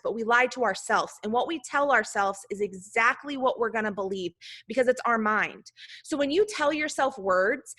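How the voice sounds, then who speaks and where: A woman's voice: a little high, a bit bright. A woman leading her sales team, giving a talkative motivational talk full of "like" and loose asides. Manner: talkative, chatty, heavy use of "like".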